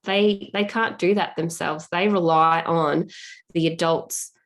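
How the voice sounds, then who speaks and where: A woman's voice: on the low side, fairly even intonation, slow pace. A woman author speaking candidly and reflectively as an interview guest, talking in a plain, down-to-earth way. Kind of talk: casual interview talk.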